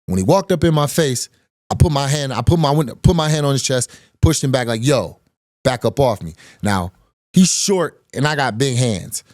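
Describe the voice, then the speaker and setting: A man in his thirties casually telling a personal story on a podcast, animated, quoting others and repeating phrases as he goes. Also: mid-range voice, normal speed, dry recording, studio quality.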